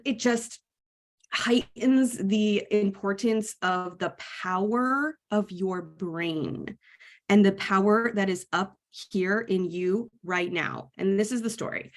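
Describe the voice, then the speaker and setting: Woman, thirties, from New York, wellness coach, candid storytelling lesson, medium pitch. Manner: candid and frank, speaks to viewers directly.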